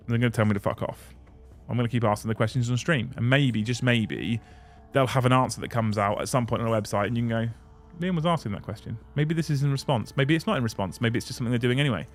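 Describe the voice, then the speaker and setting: A man's voice: medium pitch, fast talker. Brief: male streamer, blunt and sweary, exasperated rant, music faint underneath. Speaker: streamer host reading super chats. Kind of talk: casual livestream rant.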